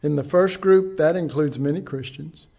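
A man's voice: fairly high pitch, moderate pace, creaky, warm tone, dull audio. A man teaching a sermon in a conversational way, with asides and rhetorical questions to his congregation. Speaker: pastor.

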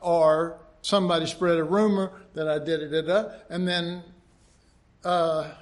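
A man's voice: a little high, fairly even intonation. An older man preaching a conversational sermon, folksy, stretching out his emphatic phrases and acting out what people say. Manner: folksy, acts out quotes, drawn-out emphatic phrases.

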